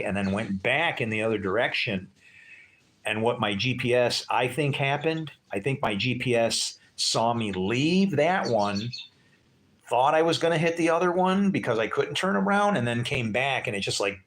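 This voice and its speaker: Low-voiced rambling man chatting outdoors. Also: a bit bright. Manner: rambling, joking, chuckles often. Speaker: livestreamer. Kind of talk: casual livestream chat with viewers.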